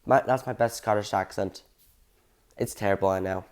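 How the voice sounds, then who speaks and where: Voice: low voice, fairly even intonation, normal speed, darkish tone. Enthusiastic rambling train-fan video host. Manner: enthusiastic, rambling, self-correcting. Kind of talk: casual fan commentary video.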